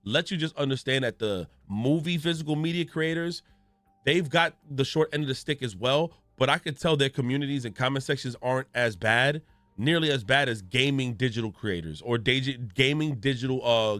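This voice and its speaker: A man's voice: medium pitch, a little fast, a bit bright, no room sound. A man, a gaming streamer, giving ranting news commentary in a profane, storytelling way with exaggerated reactions.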